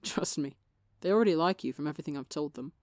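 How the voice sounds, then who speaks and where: A woman with a slightly gravelly voice, reading the lines of a relaxed young man who teases his younger friend. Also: low voice, fast talker, no room sound, studio quality. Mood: teasing. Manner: teasing and relaxed. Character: teasing, easygoing young man, warm older-brother type.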